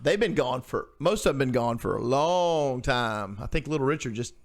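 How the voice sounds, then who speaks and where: A man's voice: medium pitch, animated, moderate pace. A man, chatting casually as a podcast co-host, rambling and restarting his sentences. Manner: rambling, restarts sentences, acts out quoted voices. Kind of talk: casual chat.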